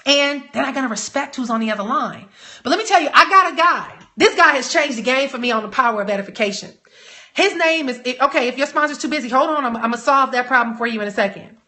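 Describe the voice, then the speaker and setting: High bright-voiced woman hyping up her team on a live stream, punchy and emphatic. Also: fast. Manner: energetic, emphatic, rallying the audience. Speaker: network marketing coach. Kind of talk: live motivational training talk.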